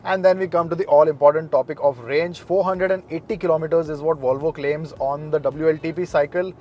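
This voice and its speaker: A man talks through a car review, calm and informative. His voice sits a little on the high side, and soft music plays underneath. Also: muffled recording. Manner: measured, informative, matter-of-fact.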